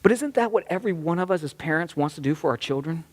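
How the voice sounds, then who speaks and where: A man's voice: a little high, quick pace. A man, a rabbi preaching to his congregation, telling a family story animatedly and acting out the voices of the people in it. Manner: animated, acts out quoted voices of children. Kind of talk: sermon storytelling. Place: congregation sanctuary.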